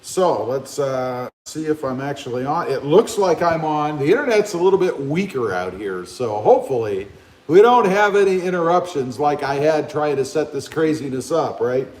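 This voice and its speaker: A man's voice: on the high side, lively intonation, moderate pace, darkish tone, reverberant. A man hosting a casual livestream from his garage, chatting easily and greeting viewers by name over a phone mic. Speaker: livestream host. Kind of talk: casual live chat reading comments. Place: open garage with a fan running. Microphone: cell phone camera.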